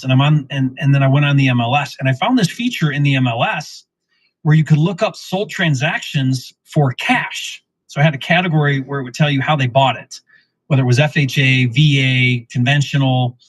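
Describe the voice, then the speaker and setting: A middle-aged man telling a real estate story in casual lesson form, acting out the dialogue with lively restarts. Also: mid-range voice, no room sound, poor audio. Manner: animated, acts out quoted dialogue, frequent restarts. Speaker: real estate investor teaching wholesaling.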